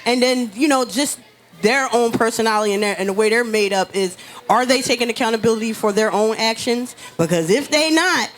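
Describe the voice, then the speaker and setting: A woman's voice: a little high, brisk, a little hiss or hum. A woman speaking casually on a talk-show panel, chatty, with a habit of checking in with the listener. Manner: chatty, keeps saying "you know what I mean". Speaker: panel guest.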